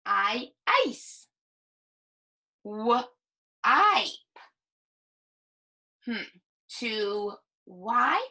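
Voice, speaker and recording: A woman teaching early reading, slow and patient as she sounds out each word. Her voice is bright and lively, rising and falling a lot. A gravelly edge creeps in at the ends of her phrases. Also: on the high side. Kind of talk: early reading lesson for young children.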